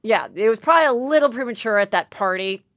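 A woman's voice: fairly high pitch, animated, fast, fairly bright tone, no echo. Chatty woman host, dry close sound. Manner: rambling storyteller, swears freely, laughs often. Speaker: podcast host. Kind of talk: casual chat.

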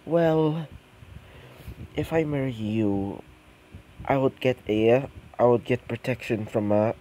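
A man's voice: medium pitch, slow pace, dark tone, slight background noise, lightly acted. Man voicing a coaxing demon seductress. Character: scheming female insect demon seductress.

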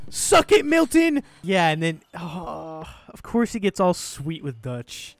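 A man giving excited commentary over gameplay, shouting, swearing and laughing at what happens on screen. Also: high-pitched, slow pace, gravelly, music in the background. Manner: laughs often. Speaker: gaming video creator.

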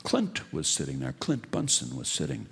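A man telling a wry, deadpan story in an unhurried live storytelling monologue. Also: rumbling low, gravelly, husky. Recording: long reverb of a live hall.

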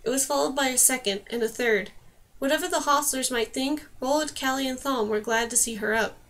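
A woman narrating a fantasy novel aloud in a steady, expressive reading. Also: high-pitched, a little fast. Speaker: audiobook narrator. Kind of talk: scripted narration.

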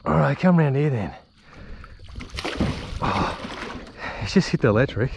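An Australian man vlogging his fishing outdoors, excitedly talking to the fish and the viewers as he fights and lands it. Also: mid-range voice, measured pace, gravelly, noisy background. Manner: excitable, chatty, swears and laughs while fighting fish. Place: outdoors on the water.

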